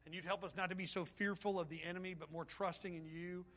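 A middle-aged male pastor with a high, bright voice preaches a fervent sermon. His delivery is full of feeling and eases into a quieter, softer tone when he prays. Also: steady tone, fast. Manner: fervent preaching, then soft prayer.

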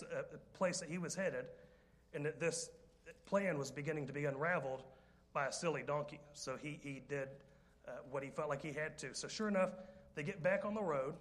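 A male preacher with a fairly high voice tells a story from the pulpit. He jokes, wanders into asides and teases the congregation before getting back on track. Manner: lively, joking, rambling with asides. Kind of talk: sermon storytelling.

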